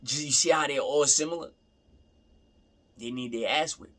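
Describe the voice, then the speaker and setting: A man's voice: mid-range voice, moderate pace, fairly bright tone. A young man in a casual, rambling rant, repeating himself and swearing freely. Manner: rambling, repeats himself, profane, laughing asides.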